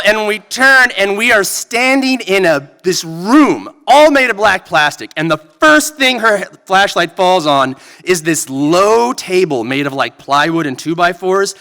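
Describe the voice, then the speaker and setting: Male storyteller at a live event; lively, loose, lots of "like"; higher, bright voice, reverberant hall. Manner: animated, peppered with "like". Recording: long reverb of a venue hall.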